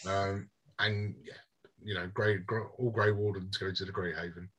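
A man narrates a tabletop game as its game master, with a husky, slightly breathy voice. His pitch is on the low side, and he talks in a casual, halting way with frequent restarts. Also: fairly even intonation, fairly bright tone, rough recording.

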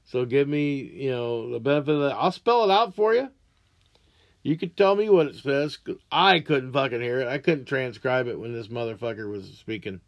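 A man's voice: medium pitch, expressive, normal speed, muffled recording. A man hosting a podcast, ranting crudely and angrily with heavy swearing. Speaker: podcast host. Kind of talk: profane rant monologue.

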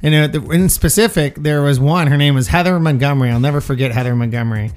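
A man's voice: fairly high pitch, fast talker, darkish tone, smooth. A man co-hosting a comedy podcast in casual, jokey banter. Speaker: podcast co-host.

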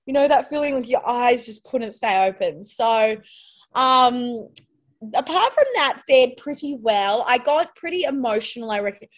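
A woman's voice: fairly high pitch, animated, measured pace. Chatty Australian woman telling her story. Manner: chatty, lots of "like" fillers, laughs while telling. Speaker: podcast guest. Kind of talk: casual personal storytelling.

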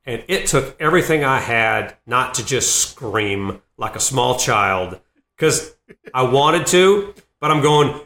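A comedian and former Marine in his fifties, telling animated stories in an interview and laughing between lines. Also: mid-range voice, slow pace. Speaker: comedian and Marine veteran guest. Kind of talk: storytelling interview. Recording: roomy echo.

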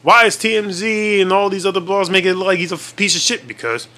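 A man in casual chat, telling stories in a loose, animated, profane way. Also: high voice, quick pace.

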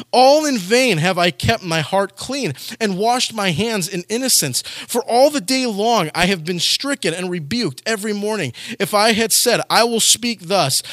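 A man's voice: high-pitched, fairly bright tone, no echo, studio quality. A man preaching a sermon, reading scripture aloud and then urging his listeners with rising intensity. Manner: earnest, rising to urgent exhortation.

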